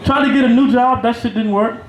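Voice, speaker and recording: A man's voice: extremely high pitch, steady tone, fairly quick, very noisy. A man doing a stand-up comedy set at an open mic, telling stories in a breezy, profane way with laughing asides. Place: small cafe at an open mic. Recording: echoey room with faint crowd ambience.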